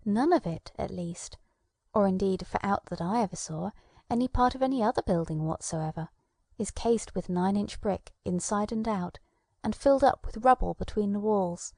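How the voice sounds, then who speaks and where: A woman narrating a children's fantasy book as a lively, dramatic storyteller. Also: medium pitch, no echo, studio quality. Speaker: audiobook narrator.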